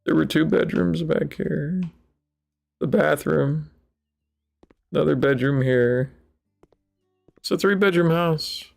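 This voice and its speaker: A man with a gravelly, fry-tinged voice talks slowly through a casual game session. He rambles wryly and plays up his disappointment in mock-dramatic fashion. Soft game music plays faintly behind him. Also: a little high. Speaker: gaming channel host. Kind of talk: casual let's-play commentary.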